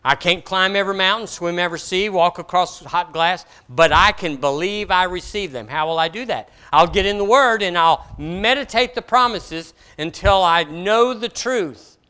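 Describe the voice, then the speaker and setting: A male pastor preaching a sermon emphatically, rising to strong declarations and dropping to quiet asides. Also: high-pitched, normal speed, few pauses, clean tone.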